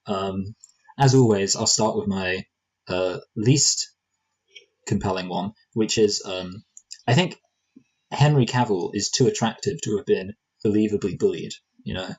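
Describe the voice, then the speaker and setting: Husky low-voiced man chatting about films. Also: measured pace, rough recording. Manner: rambling, joking, many fillers and restarts. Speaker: movie review podcast co-host. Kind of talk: casual conversational review.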